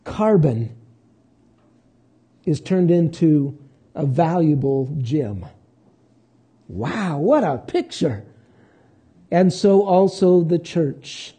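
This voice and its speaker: Husky, dark-toned male preacher. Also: fairly high pitch, lively intonation. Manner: conversational preaching with pauses and restarts. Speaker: pastor. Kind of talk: sermon.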